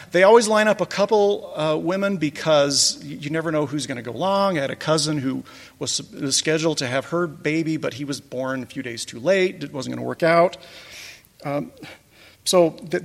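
Presenter, male, gravelly, wry and chuckling, casual slide talk, reverberant hall sound. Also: on the high side. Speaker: presenter recounting a church pageant.

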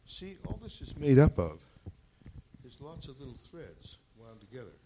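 Patient schoolteacher, gentle and explaining, a man reads her in his own voice. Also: fairly high pitch, sing-song, normal speed, pitched above the performer's own voice, rough recording. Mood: instructive. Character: patient woman primary school teacher.

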